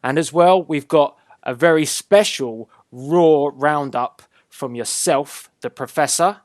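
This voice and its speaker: A man's voice: on the high side, slow pace, dry recording. A man hosting a casual wrestling chat show, upbeat and teasing, drawing out his announcements. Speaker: host.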